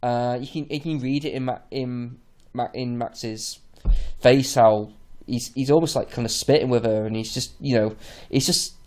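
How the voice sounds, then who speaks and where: A man co-hosting a film podcast, hesitant, full of restarts, often trailing off quietly. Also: medium pitch, steady tone, moderate pace. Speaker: podcast co-host. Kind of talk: casual film review chat.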